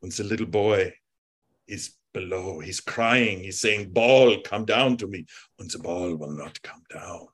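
A man doing an impression of a famous film director, speaking in formal, deliberate and grandly earnest sentences. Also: lowish voice, fairly bright tone. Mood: solemn. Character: famous older male film director, grave and solemn.

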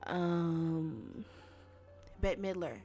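A woman hosts her podcast in a casual, ranting monologue. Her speech is slangy and animated, and she keeps speaking directly to her listeners, with faint music in the background. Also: on the low side, drawn-out words, vocal fry. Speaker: podcast host.

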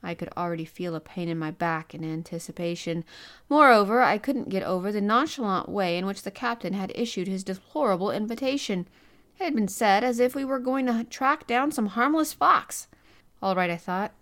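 A woman narrating a classic adventure novel as an audiobook, reading in a first-person voice with expressive turns. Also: mid-range voice, fairly quick. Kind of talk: scripted narration.

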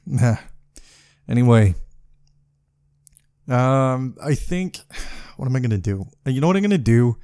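A man hosting a solo podcast, talking in a halting, profane way with many restarts and sounding frustrated. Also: mid-range voice, lively intonation, dark tone, clear, resonant tone, no room sound, clean studio sound. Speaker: podcast host. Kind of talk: casual solo podcast monologue.

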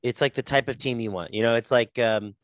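A man chatting casually as a podcast co-host, rambling and enthusiastic. His voice is smooth and resonant, and it sounds dry and close. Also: mid-range voice, fairly even intonation, fairly quick, dry recording. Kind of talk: casual chat.

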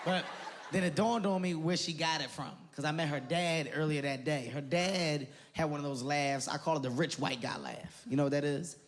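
A young man doing an animated, profane stand-up routine on stage in front of a live audience. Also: a little high, normal speed. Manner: animated, loud and profane, jumps into voices. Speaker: stand-up comedian. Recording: live comedy club with audience noise.

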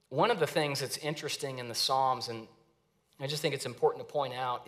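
A man's voice: medium pitch, a bit bright. A man preaching a sermon as pastor, earnest and dramatic when reading scripture, with frequent restarts.

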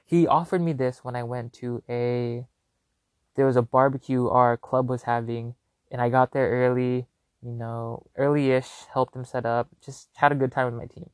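A young man hosting a podcast, telling a long story in a casual, animated and rambling way with lots of fillers. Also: mid-range voice, normal speed, clear, resonant tone, no room sound. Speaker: podcast host.

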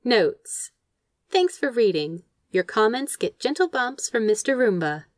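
A woman narrating a fan fiction story aloud in an expressive, lively storytelling manner. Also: fairly high pitch, measured pace, no room sound, studio quality. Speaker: podfic narrator.

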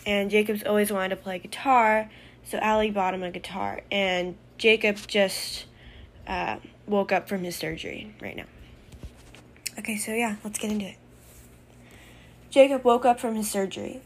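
A woman's voice: mid-range voice, steady tone, moderate pace, pauses often, slight background noise. Lady narrating her own story, chatty recap, easygoing. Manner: informal, recapping with fillers.

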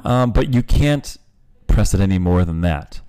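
Male podcast host, 40s, low-ish voice, candid, joking, a bit profane. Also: expressive, unhurried, mellow. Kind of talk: casual podcast chat.

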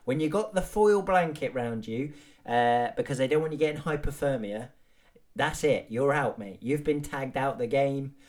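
A man's voice: mid-range voice, moderate pace, a little mellow. A man hosting a podcast, delivering a rambling comic monologue full of swearing and matey banter. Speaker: podcast host.

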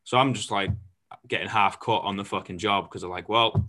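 A man's voice: lowish voice, moderate pace. A young man hosting a casual podcast chat, telling stories with lots of swearing. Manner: swearing, storytelling, animated. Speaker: host.

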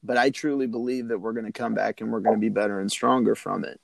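A man's voice: on the low side, fairly even intonation, fast, gravelly, dry recording. A man hosting a podcast, talking in an earnest, rambling, motivational way. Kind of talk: casual chat.

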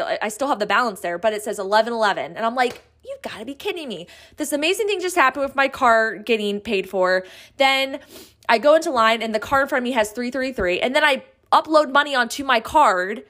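A woman podcast host telling a personal story in a casual, excitable, chatty way, acting out the quoted lines. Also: on the high side, fast.

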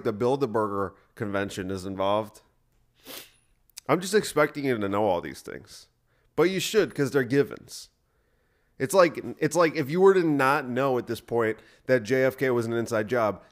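A man hosting a podcast, talking on his own in a rambling, profane and sarcastic way. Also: medium pitch. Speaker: podcast host. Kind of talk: casual solo podcast monologue.

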